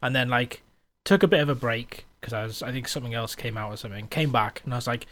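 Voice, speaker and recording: A man co-hosting a podcast, chatty and quick to laugh in casual chat. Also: mid-range voice, fairly bright tone. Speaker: podcast co-host.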